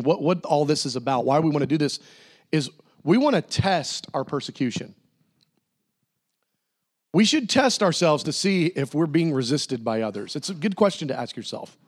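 High-voiced, animated man preaching. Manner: animated, swings between high excited bursts and low earnest tones; jokey, laughs often. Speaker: pastor. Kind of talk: sermon.

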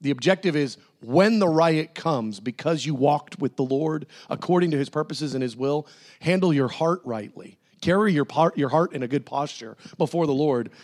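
A man with a notably high-pitched voice preaches a lively sermon to his congregation. He jumps between bright, excited bursts and low, earnest stretches, and laughs often as he talks. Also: normal speed. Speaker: pastor.

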